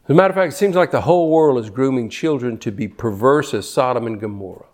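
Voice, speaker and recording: A man's voice: mid-range voice, lively intonation, fast talker, a little mellow. Fervent older male preacher. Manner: fervent, repeats words as he builds a point. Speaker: pastor. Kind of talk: sermon.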